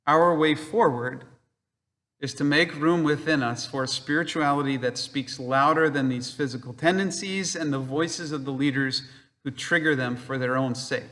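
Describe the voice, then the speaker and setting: Earnest guy giving a slow spiritual reflection, bright voice, lots of reverb. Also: on the high side. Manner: measured, earnest, with slow emphatic pauses. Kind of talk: spoken reflection.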